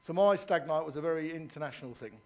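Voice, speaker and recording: A man's voice: on the high side, fast talker, muffled recording. A man performing stand-up comedy in a ship's theatre, telling jokes, doing characters' voices and joking with the audience.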